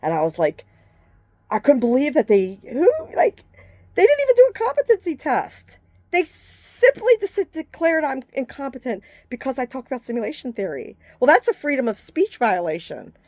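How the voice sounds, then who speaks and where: A woman's voice: high voice, huge pitch swings, normal speed, darkish tone, no echo, clean studio sound. A woman giving a rambling, agitated rant straight to the camera, swearing freely and jumping from topic to topic in broken fragments. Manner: agitated, profane, jumps between topics; speaks in fragments with frequent restarts.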